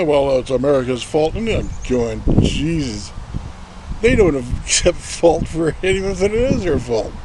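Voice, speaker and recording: A man's voice: a little high, darkish tone, slight background noise. Profane rambling man. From Canada. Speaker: vlogger. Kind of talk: ranting political commentary.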